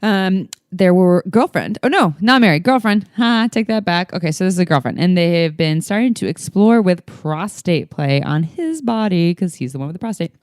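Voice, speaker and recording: A woman co-host with a lowish, smooth and clear voice. She chats in an upbeat way, quick to jump in. The sound is dry and close. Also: expressive, darkish tone, no echo. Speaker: podcast co-host. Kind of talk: casual chat.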